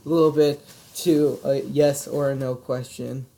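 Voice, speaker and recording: A man reading a visual novel's lines aloud and chatting casually, with halting restarts. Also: medium pitch, level tone, creaky, warm tone. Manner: slow, halting, laughs often. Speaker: let's play co-commentator. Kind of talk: casual game commentary.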